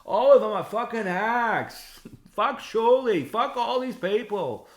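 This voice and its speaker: A man doing an impression of an angry middle-aged man who rants and yells at everyone in a high, strained voice. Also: lively intonation, takes it slowly, roomy sound. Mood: ranting.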